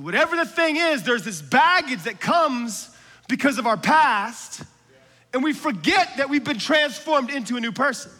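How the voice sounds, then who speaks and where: Guy preaching, high bright voice, goes from whispers to shouting, big echoey church hall. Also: expressive, moderate pace. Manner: swings from hushed, whispered asides to loud, shouted exhortation; storytelling with casual slang and laughs. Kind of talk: sermon. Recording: long hall reverb from a large room.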